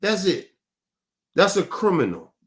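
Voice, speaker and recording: A man's voice: high voice, wildly swooping pitch, unhurried. A man hosting an online talk show, giving blunt, profane commentary and often asking "right?". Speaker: show host. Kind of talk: casual commentary.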